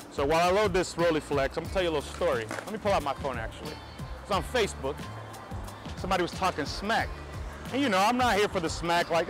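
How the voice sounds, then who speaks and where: A man from New York with a New York American accent, talking excitedly to camera in a casual vlog on a city street, swearing now and then. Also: high voice. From New York, USA. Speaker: film photography vlogger.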